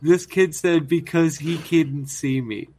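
A man's voice: a little high, slow. A man co-hosting a podcast, telling an anecdote and acting out the dialogue in casual chat. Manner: animated storyteller acting out dialogue. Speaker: podcast co-host and parent.

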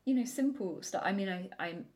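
A woman's voice: medium pitch, animated, a little fast, a little mellow. A woman in her thirties from the UK co-hosting a podcast, chatty, frank and supportive. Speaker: podcast co-host. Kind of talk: casual podcast chat.

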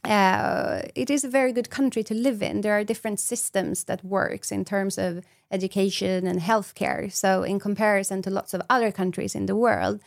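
A woman's voice: mid-range voice, steady tone, moderate pace, gravelly, hardly any pauses, no echo, studio quality. A woman, a brain specialist explaining ideas in a podcast interview and acting out little example dialogues.

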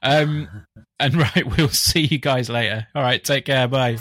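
A man's voice: mid-range voice, a little slow, fairly bright tone, dry recording, clean studio sound. A man co-hosting a casual football fan podcast, easygoing and agreeable. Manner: easygoing, agreeable, wraps up the show. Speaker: podcast co-host. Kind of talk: casual chat.

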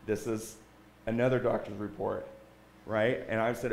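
A man's voice: on the low side, level tone, moderate pace, creaky, darkish tone, roomy sound, slight background noise. A man giving an earnest church testimony to a congregation, often checking in with "right?". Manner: earnest, keeps asking "right?". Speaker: guest speaker giving a testimony. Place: church sanctuary.

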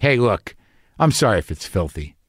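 A man's voice: on the low side, big pitch swings, moderate pace, husky, dry recording, clean studio sound. A man hosting a podcast, talking in a rambling, anxious, profane comedic monologue. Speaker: podcast host.

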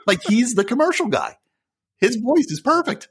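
Animated, husky man chatting casually. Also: extremely high pitch, moderate pace. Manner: rambling, animated, laughing storyteller. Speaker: podcast co-host. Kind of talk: casual chat.

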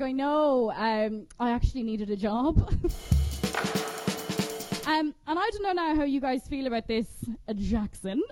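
A woman's voice: sits high, darkish tone. Laughing, swearing Irish woman on stage. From Kerry, Ireland. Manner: chatty, profane, self-mocking, laughs often. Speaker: stand-up comedian. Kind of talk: stand-up set, swearing and laughing. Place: comedy venue stage. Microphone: stage microphone.

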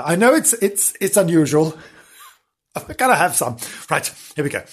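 Giggly over-excited male storyteller. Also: on the high side. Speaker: storyteller host. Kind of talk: mock children's story narration.

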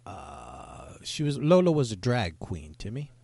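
A man co-hosting a comedy podcast, bantering with boastful, deadpan tall tales about himself. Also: on the low side, a little slow, gravelly, breathy edge, no echo. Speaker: podcast co-host. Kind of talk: casual comedic podcast chat.

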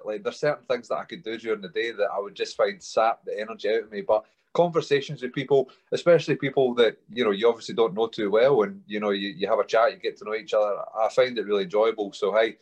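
Easygoing Scottish man, low voice. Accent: Scottish, Stirling area. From Scotland. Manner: upbeat, easygoing, says aye. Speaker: guest, rugby player. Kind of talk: casual interview.

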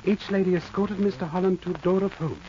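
A formal, patient old detective, played by a man in a vintage radio drama, talking in clipped proverbs with articles dropped. The voice sits high but sounds dark and mellow. The old broadcast is muffled, with a faint hiss. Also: brisk, natural voice. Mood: calm, formal. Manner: clipped stilted phrasing, drops articles, polite and aphoristic. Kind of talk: 1940s radio acting.

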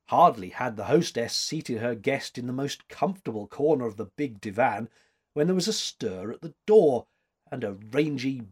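A man with a mid-range, slightly rough voice narrates an audiobook, measured and expressive in his storytelling.

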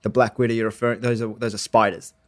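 A man's voice: fairly low pitch, flat delivery, quick pace, a loud crowd. A man with an Australian accent, hosting a podcast in a playful, rambling way with many fillers. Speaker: podcast host. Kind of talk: casual podcast chat.

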